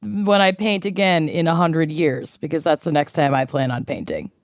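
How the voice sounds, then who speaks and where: A woman's voice: sits low, moderate pace, no room sound, clean studio sound. A woman co-hosting a podcast, chatting casually with self-mocking, dramatic jokes. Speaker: podcast co-host. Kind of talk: casual chat.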